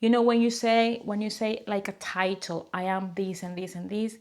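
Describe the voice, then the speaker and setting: Casual and hesitant, a young woman vlogger with a Spanish accent fields viewer questions to camera, using fillers and laughing softly. She is a native Spanish speaker from a small tropical country. Her voice is medium-pitched, her delivery flat, her pace moderate.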